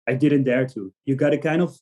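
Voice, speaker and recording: A Dutch man telling lively stories as a podcast guest, using lots of fillers along the way. His voice sits at a middle pitch and has a dark, mellow tone. He speaks English as a second language, with Dutch as his first. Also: brisk, highs cut off. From Netherlands. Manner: animated storytelling with frequent fillers and laughs. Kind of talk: casual interview chat.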